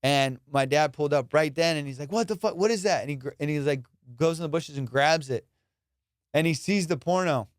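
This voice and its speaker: Young man, comedian, smooth clear voice, fairly high, dry close mic, swearing, animated storytelling. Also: fairly quick, dry recording. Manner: profane, animated, acts out quotes with loud high jumps. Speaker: comedian podcast host. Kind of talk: casual storytelling monologue.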